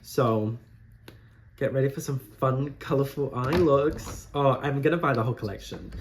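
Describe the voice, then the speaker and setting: A campy young man talks through his makeup in a relaxed, rambling way, tossing out gossipy asides as he goes. His voice sits in an ordinary middle register. A faint hiss of noise hangs under him. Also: mid-range voice, normal speed. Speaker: drag queen makeup tutorial host. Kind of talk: casual chatty talk while doing makeup. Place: warm room at home.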